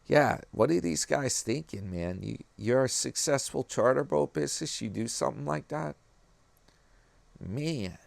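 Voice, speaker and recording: A man's voice: mid-range voice, expressive, a little slow, creaky, no echo. A man with a New York accent chatting casually to his viewers, rambling from one thing to the next and calling them "guys" and "man". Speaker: YouTube commentary vlogger.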